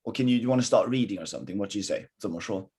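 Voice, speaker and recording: Male online Mandarin tutor, husky, encouraging, bilingual English and Mandarin. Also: fairly low pitch, racing, darkish tone. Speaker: Chinese teacher. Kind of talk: live online language lesson.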